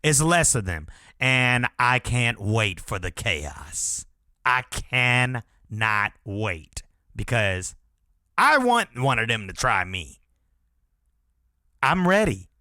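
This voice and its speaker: A man's voice: mid-range voice, sing-song, slow pace, bright, forceful tone, no room sound, clean studio sound. A man hosting a podcast, talking in a blunt, profane and emphatic way in a casual solo rant. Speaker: podcast host.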